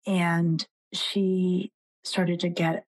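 A psychologist and author in her forties, appearing as a guest in a podcast interview, animatedly tells stories and acts out the voices of the people she quotes. Her voice is fairly low with little pitch movement, she speaks very slowly, and the recording quality is low.

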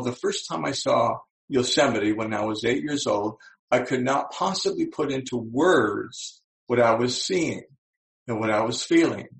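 An older man in his seventies gives a motivational talk with a gravelly voice. He tells stories and slows down to stress his key points. The sound carries a roomy echo. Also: medium pitch. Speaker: speaker.

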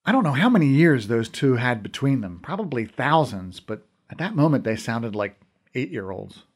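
A man's voice: medium pitch, very animated, moderate pace. A man reading a fantasy novel aloud in first person, with wry, conversational storytelling. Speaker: audiobook narrator. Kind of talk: scripted first-person narration.

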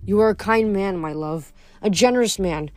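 A woman voicing a gentle, loving mortal mother in a storybook reading, speaking softly. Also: medium pitch, moderate pace, no room sound, clean studio sound, close to an everyday voice. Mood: tender. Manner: soft, gentle.

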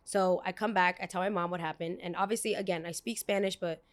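A young woman from New hosts a podcast. She tells a story in a casual, animated way and acts out the people she quotes. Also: on the low side, quick pace. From United States, New York. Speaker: podcast host. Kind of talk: storytime chat.

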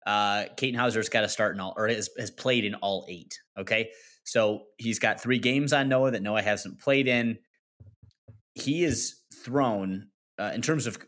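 A man co-hosting a sports podcast, with a lowish, bright voice. He rambles, hedges and restarts his thoughts as he argues about players. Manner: rambling, hedging, self-correcting. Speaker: podcast co-host. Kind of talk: casual sports chat.

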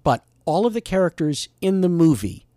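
Emphatic, animated man talking movies. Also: on the high side, moderate pace, no room sound, clean studio sound. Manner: emphatic, opinionated. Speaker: podcast guest. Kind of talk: casual movie chat.

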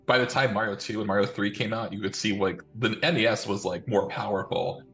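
A man's voice: fairly low pitch, steady tone, fairly quick, vocal fry, fairly bright tone, faint music behind. A man in his thirties chatting casually as podcast co-host, rambling and restarting his sentences. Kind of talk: casual chat.

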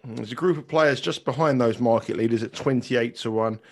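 Guy hosting golf betting chat, asks lots of questions, mid-pitched chatty voice. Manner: inquisitive, chatty, quick to ask follow-ups. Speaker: podcast host. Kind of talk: casual chat.

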